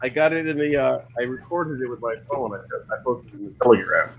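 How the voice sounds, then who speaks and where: A man co-hosting a podcast in casual chat on a headset, eager and excitable. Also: mid-range voice, quick pace, dull audio, slight background noise. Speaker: podcast co-host. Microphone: headset on a voice call.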